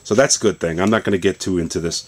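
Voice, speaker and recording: A man with a very deep voice walks through a phone demo in a basement, loose and chatty. He stops, restarts and fills gaps with "uh" as he goes. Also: fast talker, slightly rough. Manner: relaxed, rambling explanation with many fillers and restarts. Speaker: tech video host. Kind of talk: casual tech demonstration.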